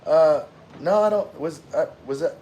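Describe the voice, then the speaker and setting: A man's voice: on the high side, measured pace, mellow, slight background noise. A middle-aged man hosting a casual livestream, answering viewer comments in a laid-back way with lots of fillers. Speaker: livestream host reading chat.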